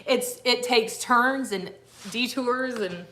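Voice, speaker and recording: A woman's voice: a little high, slow, bright, forceful tone. A woman, chatting casually as co-host of a livestream from her house, rambling from one story to the next. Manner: rambling and chatty, many restarts. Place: at home in a house.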